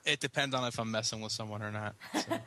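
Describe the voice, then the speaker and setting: Bright-voiced guest, joking. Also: male voice, lowish voice, fast talker. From United States. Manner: joking, easygoing. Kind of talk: casual chat. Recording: faint background noise.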